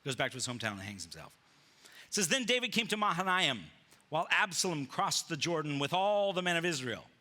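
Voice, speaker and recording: This sermon comes from a pastor whose bright, forceful voice is on the high side for a man, and he speaks fairly quickly. In a church sanctuary with slides, he tells the story in a lively, casual manner, taking on the characters' voices and peppering it with modern slang.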